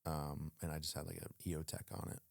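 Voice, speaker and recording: A man's voice: very deep voice, fast, creaky, no room sound, studio quality. A man, a former soldier, telling a story casually in an interview, acting out quoted dialogue with plenty of fillers. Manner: animated, acts out quoted dialogue, frequent fillers. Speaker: guest, former Navy SEAL.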